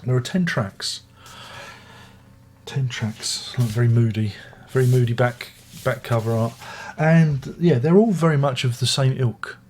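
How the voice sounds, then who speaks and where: Slight background noise accompanies an older British music reviewer as he discusses an album in a loose, rambling fashion, repeatedly restarting sentences and adding chatty asides. His mid-range voice is unhurried and darkish.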